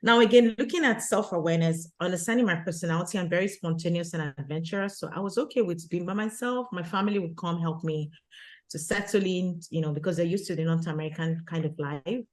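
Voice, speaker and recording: Woman guest, earnest storyteller, lowish voice, peppers talk with "you know". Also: fast talker. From abroad, immigrant to Canada. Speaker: guest, retreat organizer for women. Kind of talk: conversational interview storytelling.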